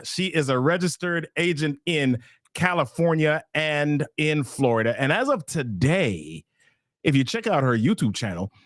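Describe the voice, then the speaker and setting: A man hosting a live online workshop, talking with excitable energy as he introduces a guest and reads viewer names from the chat. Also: medium pitch, dry recording, studio quality. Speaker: host. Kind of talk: hyped live-stream hosting.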